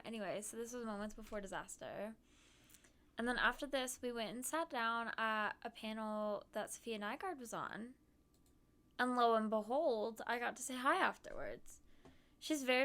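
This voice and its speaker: A woman's voice: a little high, fairly bright tone, clean tone. A woman streamer chatting casually about her trip while showing photos, bubbly and giggly with lots of "um" and "like".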